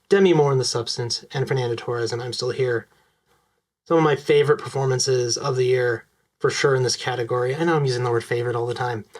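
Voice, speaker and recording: A young man giving casual, enthusiastic commentary on his film picks, talking quickly with lots of fillers. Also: mid-range voice. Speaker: vlogger.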